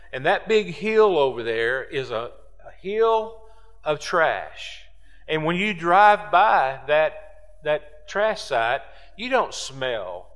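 Man, pastor preaching, slow deliberate pace, repeats words for emphasis, reverberant sanctuary. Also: mid-range voice, a bit bright. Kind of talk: sermon. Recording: long hall reverb.

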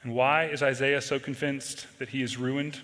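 A man's voice: medium pitch, level tone, normal speed. Earnest preacher man in a reverberant hall. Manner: earnest, swings between loud emphasis and quiet intensity. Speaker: pastor. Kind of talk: sermon.

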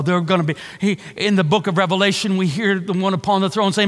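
A man's voice: high-pitched, fairly even intonation, fast, few pauses, fairly bright tone, in a large hall. A man preaching a sermon, with earnest, repeated emphasis and a preacher's cadence. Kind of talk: sermon-style teaching on a book.

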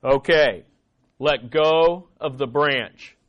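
A steady, lowered divine voice speaks down from above, as a preacher puts it on, slow and calm with quiet authority. It sounds patient and reassuring, never rushed. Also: male voice, lo-fi sound. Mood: firm.

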